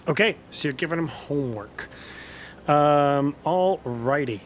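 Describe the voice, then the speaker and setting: A man's voice: fairly high pitch, unhurried, slight background noise. A man as game master, narrating a tabletop game with loose, filler-heavy phrasing.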